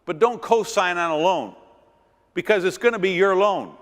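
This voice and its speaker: A man's voice: high voice, normal speed, a bit bright. A middle-aged man, a pastor teaching a church finance seminar, emphatic and repeating words, asking his audience rhetorical questions. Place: church hall. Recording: long echo of a church hall.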